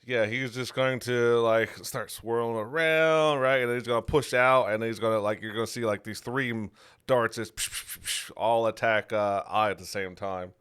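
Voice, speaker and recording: A man's voice: medium pitch, moderate pace, a bit bright, smooth. A man playing a tabletop game, animatedly describing his character's attacks and adding sound effects. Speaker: player.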